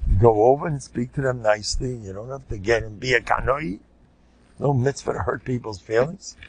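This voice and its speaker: An older man with an American Orthodox Jewish English accent, a rabbi telling stories in an informal Torah class and bursting into loud shouted quotes. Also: mid-range voice, brisk, slightly rough. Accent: American Orthodox Jewish English with Yiddish words. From United States.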